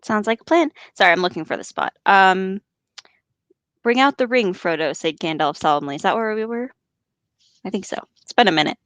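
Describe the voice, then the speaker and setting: A woman's voice: expressive, a little fast, fairly bright tone, no echo. A woman with a Colorado accent co-hosting a podcast, chatting and joking between passages she reads aloud. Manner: joking, reads narration in a lower solemn voice. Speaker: podcast co-host reading aloud. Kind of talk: casual chat and book read-aloud.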